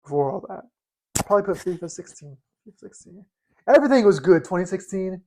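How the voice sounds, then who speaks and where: Young male podcast co-host, slightly higher pitch, loose excitable chatter. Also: fast talker, noisy background. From Los Angeles area. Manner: loose, slangy, excitable, repeats himself. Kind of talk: casual chat.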